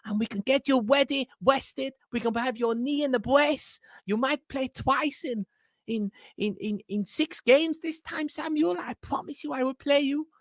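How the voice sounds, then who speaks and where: A man's voice: very high-pitched, moderate pace, fairly bright tone, no echo, studio quality, voice pushed up. A man doing an impression of a doting, fatherly middle-aged football manager, who talks in a coddling, sing-song way.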